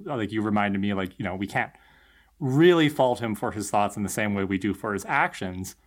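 A man co-hosting a casual TV recap chat, animated and laughing as he talks. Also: fairly low pitch, fairly quick. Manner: animated, laughing, quoting characters. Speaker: podcast co-host.

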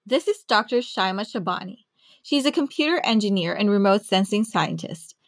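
A woman's voice: medium pitch, normal speed, no echo, studio quality. Bubbly woman hosting a podcast. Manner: bubbly, enthusiastic, chatty. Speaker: podcast host.

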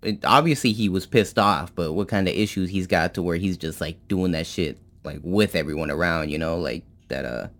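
A man's voice: low voice, normal speed, few pauses, fairly bright tone. A man chatting casually on a podcast, laid-back and profane, often answering with short agreements. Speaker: podcast co-host.

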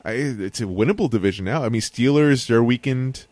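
A man's voice: medium pitch, brisk, a little mellow, dry recording. A young man co-hosting a podcast, chatting casually and pushing back defensively, with some swearing. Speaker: podcast co-host. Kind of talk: casual chat.

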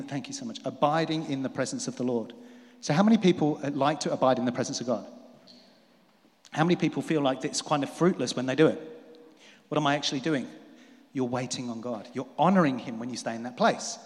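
Animated male preacher in a reverberant hall. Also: mid-range voice. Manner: animated, rising to emphatic peaks and dropping to quiet asides. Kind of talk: sermon. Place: church hall.

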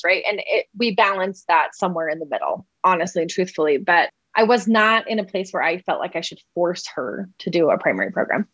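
A woman's voice: medium pitch, a bit bright, no room sound. A woman in her thirties tells a personal parenting story in a chatty, conversational way, often tagging her sentences with "like" and "right?". Her voice sits close and dry, with no room sound. The recording sounds slightly dull and muffled. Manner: conversational, heavy use of "like" and "right?". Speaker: mother sharing a parenting story.

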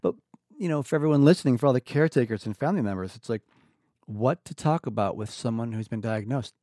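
Animated storytelling man, dry sound. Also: mid-range voice, fast talker, no room sound. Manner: animated storyteller who acts out quoted voices. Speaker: podcast host. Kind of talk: casual podcast conversation.

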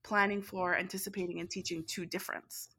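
A middle-aged woman, an education instructor telling a story as an interview guest, animated and quick to laugh. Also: lowish voice, husky. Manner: animated, laughs often, speeds up when excited. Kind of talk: conversational storytelling.

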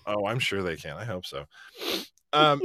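A man's voice: lowish voice, sing-song, normal speed, bright, forceful tone, dry recording. Male co-host, rambling storyteller, laughs a lot, dry close studio sound. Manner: rambling, laughs often, acts out quoted dialogue. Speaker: podcast co-host. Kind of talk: casual chat.

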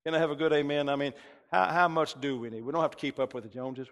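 A man, a pastor telling a story in a sermon and acting out the dialogue with lively shifts of voice. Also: fairly high pitch, quick pace. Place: church sanctuary. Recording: long reverb of a church hall.

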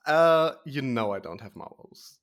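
A man's voice: mid-range voice, lively intonation, measured pace. A young man co-hosting a podcast, dramatic and playfully indignant in casual banter. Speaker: podcast co-host.

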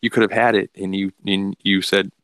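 A man's voice: sits low, little pitch movement, normal speed, a bit bright, clear, resonant tone, no room sound. A man voicing a frantic, obsessed male cult murderer in a casual retelling, his delivery rising and urgent. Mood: raging. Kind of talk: casual quoted recap.

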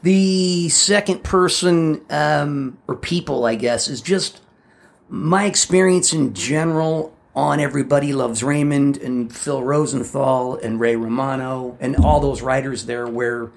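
50s guy on a podcast, gravelly voice, spins stories and does the voices. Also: medium pitch, unhurried. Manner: animated storyteller who acts out voices and laughs along. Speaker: podcast co-host. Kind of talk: casual chat, telling personal stories.

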